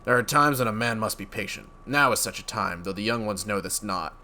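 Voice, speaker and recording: A man voicing a weary older male elder, speaking in a grave, measured, old-fashioned way. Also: lowish voice, sharp tone, slight background noise. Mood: solemn. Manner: grave, measured, archaic speech.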